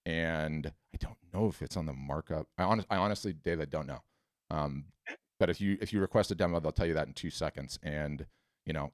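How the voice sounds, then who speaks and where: A man hosting a live webinar Q&A, who answers questions bluntly and tells animated, emphatic stories. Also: rumbling low, no echo, clean studio sound.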